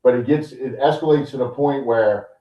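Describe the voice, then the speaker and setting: A man co-hosting a podcast who recaps a show in casual, animated chat full of "like" and "you know". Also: mid-range voice, normal speed, far from the mic. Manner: animated storytelling with many fillers. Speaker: podcast co-host. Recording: dull, roomy sound from off-mic.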